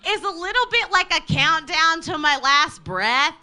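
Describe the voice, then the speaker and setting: A woman's voice: very high voice, expressive, unhurried, sharp tone, faint music behind. A woman telling a comic story about herself, rambling, laughing often and swearing casually.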